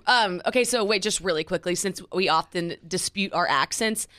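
A woman co-hosting a podcast, reacting with quick interjections and probing questions in a casual chat. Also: lowish voice, a bit bright, no echo, clean studio sound. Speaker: podcast co-host.

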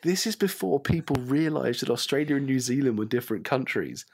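A man co-hosting a casual film review chat, animated and jokey. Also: medium pitch, fairly quick. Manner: animated, mimics film lines with bits of funny voices. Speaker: podcast co-host.

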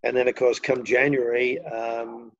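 A man's voice: mid-range voice, little pitch movement, unhurried, dull audio. An older man from England with a Liverpool accent, telling long, rambling anecdotes with many fillers as an interview guest. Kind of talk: storytelling interview.

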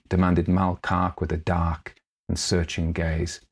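A man reading a dark fairytale aloud as narrator, measured and grave. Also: low voice, completely flat delivery, slightly rough. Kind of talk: scripted audiobook narration.

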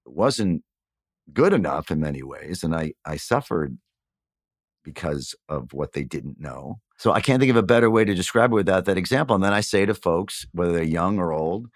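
Low-voiced, lively man in a candid interview. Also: moderate pace, dry recording, studio quality. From New York, USA. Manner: earnest, reflective storytelling with animated emphasis. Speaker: podcast guest.

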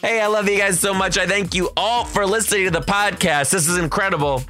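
A man's voice: sits high, a little fast, pushed and bright, faint music behind. A man hosting his own podcast as a kindergarten teacher, chatting in an upbeat, playful way. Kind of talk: casual solo podcast chat.

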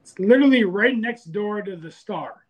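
A man's voice: sits high, expressive, moderate pace, a little mellow, husky. A man calling into a podcast, chatting in a laid-back, easygoing way. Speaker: caller. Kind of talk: casual call-in chat.

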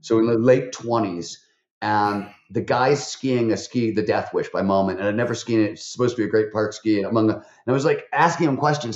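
A man's voice: lowish voice, a little fast. Chatty man telling stories in a roomy recording. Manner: chatty, many fillers and restarts, voice jumps up for quotes. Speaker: podcast guest, author. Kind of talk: animated interview storytelling. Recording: roomy, slightly dull recording.

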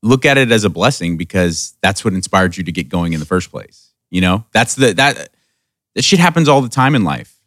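Low-voiced man, dry close sound. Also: very animated, brisk, a bit bright, no room sound. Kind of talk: casual podcast chat.

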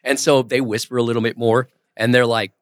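Male guest, lively raconteur who mimics the people he quotes, dry close-mic studio. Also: medium pitch, a little fast, no room sound. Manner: animated storyteller, acts out quoted voices. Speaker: guest, ventriloquist and impressionist. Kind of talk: casual interview storytelling. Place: podcast studio.

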